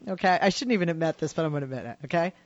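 A woman's voice: deep voice, very fast, lo-fi sound. Chatty female radio talk host. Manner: chatty storyteller, many fillers. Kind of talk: casual call-in radio chat. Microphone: studio microphone.

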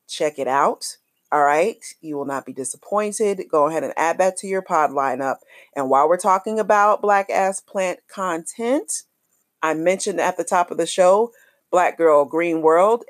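A woman hosting her own podcast, speaking. Her voice sits a little low, and she talks in a loose, warm-hearted, slangy way, full of shout-outs to her listeners. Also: no echo, studio quality. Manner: lively, chatty, affectionate, uses slang. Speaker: podcast host. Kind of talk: casual podcast outro.

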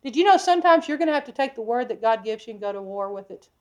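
A woman preacher teaching a sermon from the Bible, emphatic, often asking her listeners questions and moving between loud and hushed delivery. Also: a little high, lively intonation, fast. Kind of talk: expository sermon.

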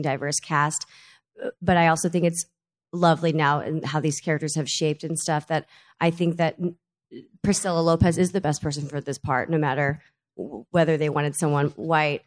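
A woman actress speaking as a panel guest, earnest and thinking aloud. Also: sits low. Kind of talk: panel discussion before an audience.

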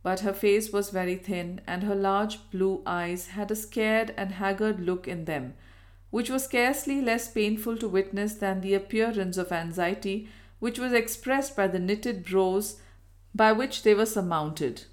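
A woman's voice: medium pitch, unhurried. Woman narrating a classic novel. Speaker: audiobook reader. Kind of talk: scripted narration of a Victorian novel.

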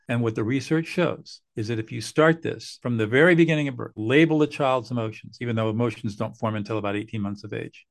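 An older man, a mediator guest on a podcast, explaining earnestly and acting out what parents and bosses say. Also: mid-range voice. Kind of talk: podcast interview.

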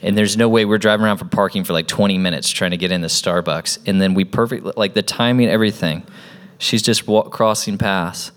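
A man with a fairly low voice tells a story in relaxed conversation. He talks about ministry training and acts out the people in his story as he goes. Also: brisk. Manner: animated storyteller acting out quoted people. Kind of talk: storytelling in a casual talk.

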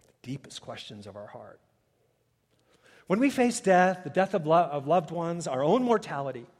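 A man preaching a sermon as a pastor, swinging between loud emphatic peaks and hushed, quiet passages. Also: high-pitched, big-room sound. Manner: dynamic preaching, swelling loud then dropping soft.

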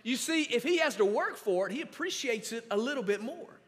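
Pastor guy preaching, pretty high voice, emphatic, big echoey church hall. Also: lively intonation, brisk. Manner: emphatic, instructing the congregation to underline verses. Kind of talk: sermon.

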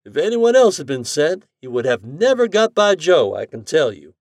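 A man reading an audiobook voices a cheerful, eccentric scientist who lectures with drawn-out emphatic stresses. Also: a little high, sing-song, no echo, studio quality, pitched above the performer's own voice. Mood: welcoming. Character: eccentric male scientist, cheerful self-declared mad genius.

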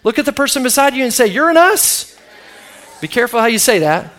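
Middle-aged pastor guy preaching, fairly high voice, chatty, gets the crowd to answer. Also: expressive, racing, fairly bright tone. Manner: conversational, calls on the congregation for responses. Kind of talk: sermon.

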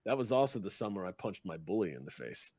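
A man's voice: on the low side, big pitch swings, fast, darkish tone, breathy edge, no echo, clean studio sound, pitched below the performer's own voice, heavily acted. A man voicing Bleeger, a crude, grinning redcap fae cab driver who swears bluntly and talks in a chummy way.

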